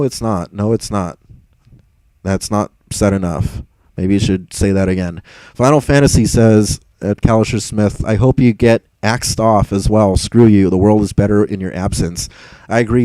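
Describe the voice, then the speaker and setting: A young man talks casually on a livestream, rambling and exasperated as he reads comments. His voice is mellow and dark in tone, recorded close and dry with no room sound. He swears freely and laughs between thoughts. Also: on the low side, no echo, rough recording. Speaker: livestream host reading chat.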